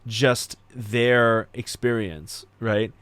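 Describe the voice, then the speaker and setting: A man's voice: mid-range voice, fairly even intonation, extremely slow, a bit bright, clean tone, no room sound. A man hosting a podcast, talking in an earnest, reflective way and repeating words for emphasis. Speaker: podcast host. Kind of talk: casual podcast conversation.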